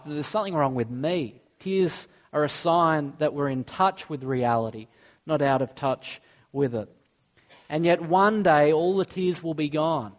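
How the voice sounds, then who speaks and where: A man, preaching a sermon earnestly and mixing in personal stories. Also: fairly high pitch. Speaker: pastor.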